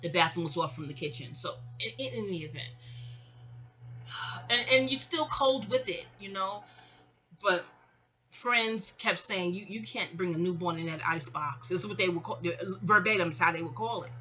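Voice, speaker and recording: Bright-voiced rambling New woman. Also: lowish voice, normal speed. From New York. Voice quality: rambling, digressive. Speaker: storyteller. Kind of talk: casual storytime monologue.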